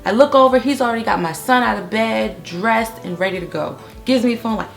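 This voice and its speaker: A young woman in her living room, telling a story in a chatty, animated way and often checking in with "okay?". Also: a little high, normal speed, vocal fry, faint music behind. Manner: chatty, animated retelling with frequent "okay?" asides. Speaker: vlogger. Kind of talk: storytime vlog. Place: home living room, on a couch.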